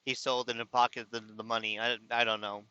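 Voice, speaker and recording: A man's voice: medium pitch, flat delivery, fairly quick, sharp tone, clear, resonant tone, no room sound, dull audio. Exasperated man rambling a personal story. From California. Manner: rambling, frequent restarts, exasperated retelling. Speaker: vlogger. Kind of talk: casual storytelling to camera.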